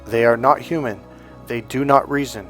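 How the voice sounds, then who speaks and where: A man's voice: medium pitch, moderate pace, a bit bright, soft background music. A man coaching in a casual motivational monologue, rambling with many restarts and repeated words. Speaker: life coach.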